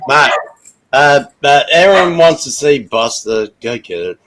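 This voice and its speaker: Loud, brash Australian man with a lively voice. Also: mid-range voice, a little slow, heavy background noise. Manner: loud, brash, swears freely, animated. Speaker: stream host. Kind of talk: casual livestream chat.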